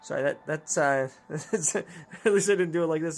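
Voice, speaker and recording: A man's voice: fairly high pitch, moderate pace, vocal fry, hardly any pauses. A man chats through a let's play in a loose, rambling way, joking and cutting himself off mid-thought. Faint music plays underneath. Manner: rambling, jokey, self-interrupting. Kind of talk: casual gameplay chat.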